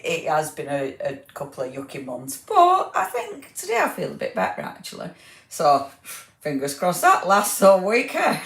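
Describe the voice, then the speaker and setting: Woman, craft stream host, chatty and rambling, slightly low voice, echoey room. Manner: chatty, greets viewers by name, giggly, rambling. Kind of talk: casual livestream chat.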